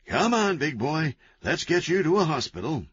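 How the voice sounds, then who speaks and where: A man's voice: fairly high pitch, very animated, fairly bright tone, breathy edge, dry recording, voice pushed up, heavily acted. A man voicing a manic, chatty, cheerful antihero man who talks gleefully and wheedles. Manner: gleeful, fast-talking, wheedling. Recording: dull, lo-fi, dry.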